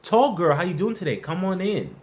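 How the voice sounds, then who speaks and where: A man hosting a relaxed advice livestream, his voice sitting a little high and swinging widely in pitch. He talks in a loose, playful, slangy way, reading viewer questions and welcoming people in the chat by name. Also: brisk. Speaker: host of a workplace advice livestream. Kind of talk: casual live-stream chat answering viewer questions.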